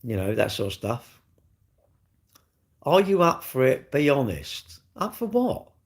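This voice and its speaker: Gravelly man chatting with viewers. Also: medium pitch, sing-song, unhurried. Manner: chatty, bantering, reads viewer comments aloud and answers them; cheeky, blunt and jokey. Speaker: livestream host. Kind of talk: casual livestream chat.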